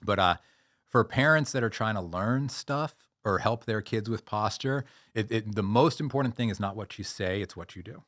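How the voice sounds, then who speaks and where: A man with a somewhat low voice talks as the expert guest on a podcast. He tells stories in an animated way and often restarts his sentences. The sound is close and dry. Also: normal speed, dry recording. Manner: animated storyteller, many restarts. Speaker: guest, posture and pain-relief expert. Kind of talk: podcast interview.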